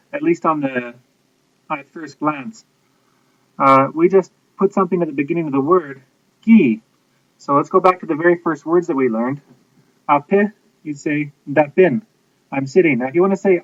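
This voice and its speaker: A man's voice: on the high side, fairly bright tone, dry recording. Male language teacher, casual and hesitant, lo-fi dry recording. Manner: hesitant, many fillers and self-corrections. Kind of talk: casual spoken language lesson. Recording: dull, slightly lo-fi dry recording.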